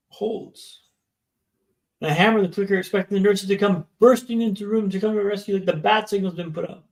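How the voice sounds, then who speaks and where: A man's voice: high voice, creaky. A man in his thirties, a podcast guest telling his story in a vivid, dramatic way and often checking in with "right?". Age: 30s. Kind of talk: storytelling interview. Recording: echoey room.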